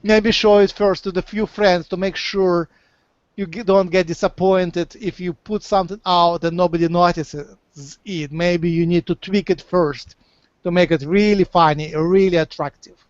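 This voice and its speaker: A man speaks slowly and kindly, offering guidance during a channeling session. His voice sits a little high and sounds dry and close. It comes through a muffled, lo-fi video call. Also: fairly even intonation, dry recording. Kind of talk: advice in a group video call. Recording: dull lo-fi call audio.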